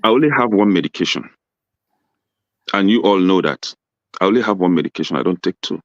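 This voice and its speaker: A man's voice: low-pitched, lively intonation, a little fast, no room sound, dull audio. A man on a panel, speaking defensively and insistently. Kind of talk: live panel debate.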